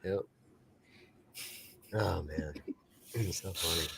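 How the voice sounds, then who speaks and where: A man co-hosting a podcast, talking excitably and with heavy swearing as he recounts his favorite scenes. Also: low voice, slow, vocal fry, a crowd in the background. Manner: excitable, profane, amused. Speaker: podcast co-host. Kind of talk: casual film discussion.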